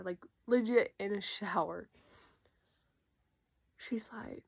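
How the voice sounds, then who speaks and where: A young woman in casual storytime chat, retelling a breakup in an animated way and acting out what everyone said. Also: mid-range voice, takes it slowly, vocal fry, long pauses. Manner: animated, quotes people with "I'm like". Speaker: YouTuber.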